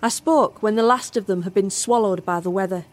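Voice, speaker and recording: A woman's voice: medium pitch, a little fast, noisy background, close to an everyday voice. A woman narrating a first-person horror tale as a barmaid in an audio drama. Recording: music score underneath.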